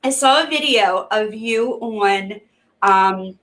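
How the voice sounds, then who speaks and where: A woman's voice: mid-range voice, slow, a bit bright. A woman hosting a casual interview, asking rambling questions full of fillers and restarts. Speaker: host.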